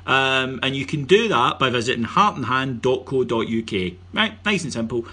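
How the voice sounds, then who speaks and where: A man's voice: medium pitch, very animated, normal speed, hardly any pauses, sharp tone, husky. A Scottish man hosting a casual football podcast, joking and teasing his guests while plugging the show. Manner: jokey, teasing, plugs the show. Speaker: podcast host.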